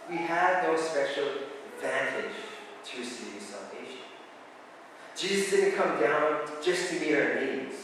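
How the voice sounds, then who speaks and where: Guy pastor giving a sermon, kinda high voice, super echoey church hall, bit of room noise. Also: a bit bright, far from the mic. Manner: conversational, relatable asides.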